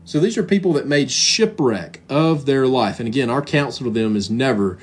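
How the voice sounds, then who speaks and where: A man's voice: medium pitch, expressive, moderate pace, few pauses, husky. A man preaching a sermon in an earnest, emphatic way, reading scripture aloud. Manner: earnest, emphatic preaching, reads scripture in King James wording.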